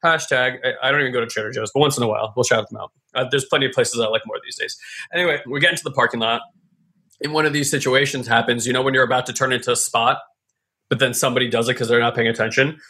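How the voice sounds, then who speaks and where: A man's voice: mid-range voice, fairly even intonation, rapid-fire, bright, forceful tone. A man casually telling a reflective personal story with lots of fillers and restarts. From California.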